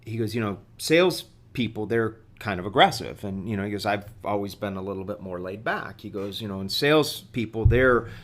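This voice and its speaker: A middle-aged man telling a story as a podcast guest, halting and full of fillers and restarts. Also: fairly low pitch, expressive, a bit bright. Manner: halting, many fillers and repeated words. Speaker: guest executive.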